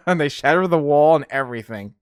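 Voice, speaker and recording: A man's voice: fairly high pitch, expressive, a little fast, clear, resonant tone, no room sound, clean studio sound. A man hosting a podcast, rambling in casual chat with frequent laughs and fillers. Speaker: podcast host.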